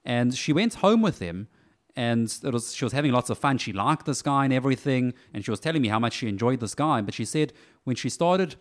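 A man who is a podcast guest and dating coach, explaining his methods step by step in a casual, animated way. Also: medium pitch, brisk. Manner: animated, breaks points into steps.

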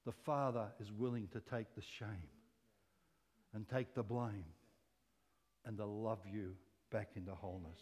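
A man preaching a sermon in an animated way, moving between loud exclamations and quiet, soft asides. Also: on the low side, measured pace, pauses often, husky. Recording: long hall reverb.

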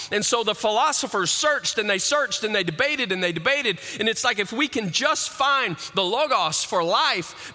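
A male pastor preaching slowly in a bright, forceful, slightly high voice. He climbs to emphatic peaks and lets dramatic pauses hang. His words ring out with the long reverb of a large hall. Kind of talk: sermon.

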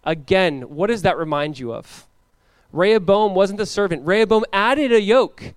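A man's voice: high voice, no room sound. A man preaching an expository sermon as pastor, acting out the characters he talks about. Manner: animated, acts out biblical characters in quick voices.

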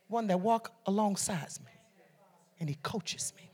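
A woman from Detroit preaching a sermon with call-and-response, swinging from soft teaching to shouted exhortation. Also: on the high side, lively intonation, normal speed, husky. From Detroit, USA. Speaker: preacher and beauty coach. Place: church service.

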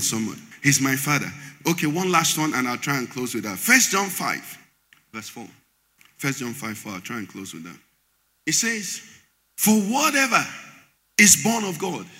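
Pastor preaching in an echoing hall. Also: male voice, a little high, sing-song, a little slow, long pauses, pushed and bright. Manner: call-and-response preaching, asking the congregation to fill in words. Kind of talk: sermon. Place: large church hall. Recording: echoey church hall.

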